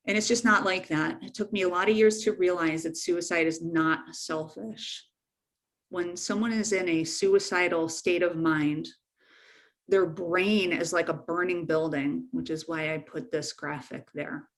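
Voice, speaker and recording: A woman's voice: on the low side, fairly even intonation, a little slow. A middle-aged woman counselor giving a frank, informal webinar talk to teens, repeating key points for emphasis. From United States.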